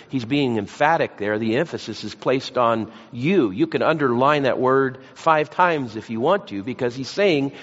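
A man's voice: medium pitch, animated, moderate pace, few pauses. A man preaching a sermon, mixing scripture with folksy, self-deprecating stories. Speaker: pastor. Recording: lo-fi church hall recording.

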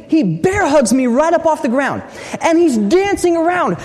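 A man from the United States giving a teaching talk in a large hall, a lively storyteller who often restarts and repeats his words. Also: very high voice, normal speed. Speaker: speaker at a training session. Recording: long reverb of a big hall.

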